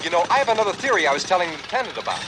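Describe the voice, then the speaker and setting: A talkative young man full of theories in a 1950s film, rattling off ideas at great speed. His pitch is high and lively, and clear street noise runs under the old soundtrack. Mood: eager. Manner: eager, rapid-fire.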